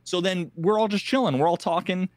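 Man, slightly high voice, casual podcast storytelling, animated, acts out other players, swears a lot, dry close mic. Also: brisk, no room sound. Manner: animated, quotes people in lively voices, swears freely. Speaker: podcast co-host.

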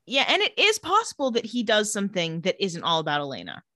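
A woman co-hosting a casual podcast, recapping a TV episode and acting out the characters' lines with shifting pitch and frequent laughter. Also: quick pace, no room sound, clean studio sound. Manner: animated, acts out quotes with shifting pitch, laughs often. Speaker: podcast co-host recapping a TV show. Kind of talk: casual chat.

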